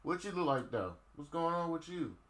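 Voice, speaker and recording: A man's voice: a little high, animated, normal speed, fairly bright tone. A young man streaming a football game, talking casually to his chat in a slangy, mocking way. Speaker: gaming streamer. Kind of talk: casual live-stream talk. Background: game crowd noise.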